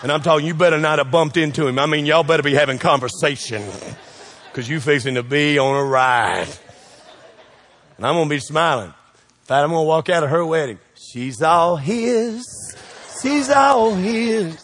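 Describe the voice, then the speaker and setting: High-voiced preacher in a hall. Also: male voice, a little hiss or hum. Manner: preachy and joking, quick shifts in loudness, call-and-response questions. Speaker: pastor. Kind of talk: sermon.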